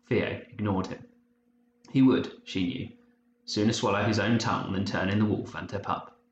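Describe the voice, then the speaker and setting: A man narrating an audiobook in a measured, even storytelling manner. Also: low voice. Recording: muffled roomy recording, faint hiss.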